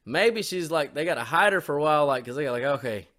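A man's voice: on the high side, lively intonation, fast talker, a bit bright. A man co-hosting a podcast in a crude, rambling, profanity-heavy casual chat. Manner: crude, rambling, lots of swearing. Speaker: podcast co-host.

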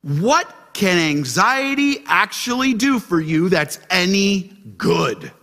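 A man preaching a sermon to his church, asking the congregation questions and shifting between loud emphasis and soft, gentle asides. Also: high-pitched, takes it slowly. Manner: animated, asks the congregation questions. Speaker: pastor.

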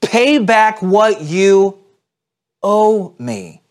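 A man's voice: fairly high pitch, measured pace, darkish tone, voice pushed up, lightly acted. A man reading the lines of a male servant in debt. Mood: demanding. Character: indebted male servant, pleading then demanding.

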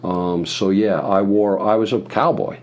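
Deep-voiced man telling a profane, rambling story. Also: fairly even intonation, measured pace, a little mellow. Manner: profane, meandering, acts out other people's voices. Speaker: guest storyteller. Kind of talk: rambling anecdote in conversation.

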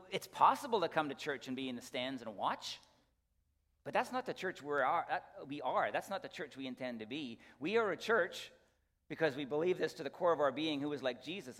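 A man's voice: fairly high pitch, a bit bright. A man who is a pastor, giving a casual, folksy church announcement and then leading a prayer from the pulpit. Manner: conversational, folksy, with restarts and asides. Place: church sanctuary. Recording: long reverb of a church sanctuary.

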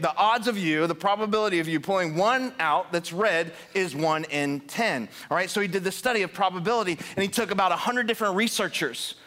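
Male pastor, higher voice, energetic sermon delivery, rallies the congregation with questions. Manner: energetic, builds to fired-up emphasis, asks the congregation questions. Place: church sanctuary.

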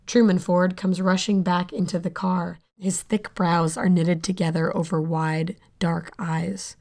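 A woman's voice: fairly low pitch, level tone, unhurried, a little mellow. A woman narrating an audio drama in the first person, sardonic and blunt, swearing freely. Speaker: narrator and lead character.

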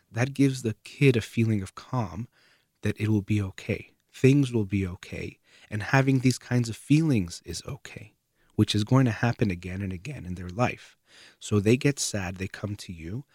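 Man, low voice, measured explainer tone, earnest, dry close sound. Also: no room sound. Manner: calm, measured, earnest, trailing off softer at phrase ends. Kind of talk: explanatory talk to camera.

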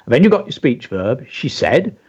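A man co-hosts a radio show, teaching children creative writing by walking through a story example step by step and reading lines aloud. His mid-range voice is sing-song, a little mellow and slightly rough, at a normal speed. The broadcast audio is dull and lo-fi.

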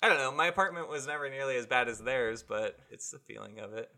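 A man co-hosting a podcast, chatty and relaxed, steering the conversation. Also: mid-range voice, fast, slight background noise. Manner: chatty, relaxed, asks the questions. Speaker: podcast co-host. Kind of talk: casual chat.

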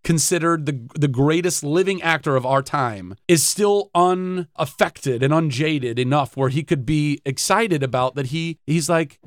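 A man from Southern California talking as an interview guest in a radio studio, telling stories in an animated, excitable way with sudden jumps in pitch. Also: a little fast, hardly any pauses, dry recording. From Southern California, USA. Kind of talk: casual interview chat.

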